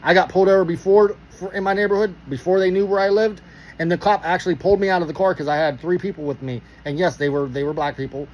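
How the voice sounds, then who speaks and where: A man from Pittsburgh telling a story casually, animated and profane, acting out the dialogue. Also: high voice, fast, lo-fi sound.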